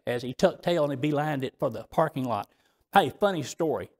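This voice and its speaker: A man's voice: a little high, a little fast. A male pastor preaching a sermon to his congregation, telling a story and reading scripture, often restarting his phrases.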